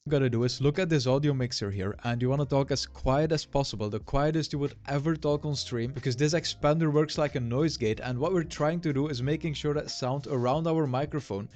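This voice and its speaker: A man explaining audio settings in a tutorial, one step at a time. His pitch sits in the middle and his delivery is even and steady. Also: brisk, few pauses. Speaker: tutorial narrator. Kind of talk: step-by-step instructions.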